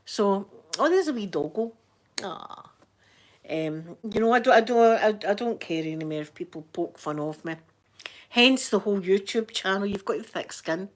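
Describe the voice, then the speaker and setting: A woman with a broad, thick Scottish accent rambles cheerfully to her livestream viewers. She talks in a mid-pitched voice, greets people by name and laughs often. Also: animated, moderate pace. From Scotland. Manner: chatty, laughs often, reads out viewer names. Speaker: livestreaming YouTuber. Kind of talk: casual live chat.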